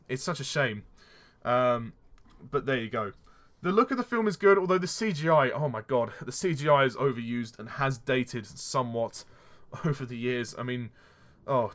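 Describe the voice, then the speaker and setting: A man's voice: mid-range voice, fairly bright tone. A man giving a casual film review, exasperated and sarcastic, often laughing at what he criticizes.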